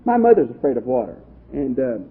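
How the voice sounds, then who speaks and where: Male pastor, Bible study class, husky, animated delivery, tinny lo-fi audio. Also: mid-range voice, fairly quick. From Texas. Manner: lively, conversational, asks the class questions. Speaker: pastor teacher.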